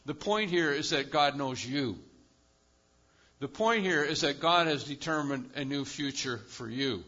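Male pastor preaching, punchy and emphatic, big loud highs and quiet lows, kinda muffled lo-fi sound. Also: unhurried. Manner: emphatic, animated preaching with sudden rises and quiet drops. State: lives with chronic pain. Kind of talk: sermon.

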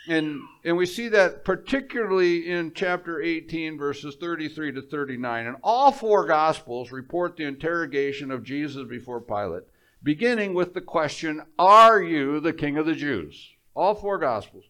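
A male preacher giving a sermon, telling the story in an animated way, repeating words and dropping quiet for emphasis. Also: a little high, unhurried.

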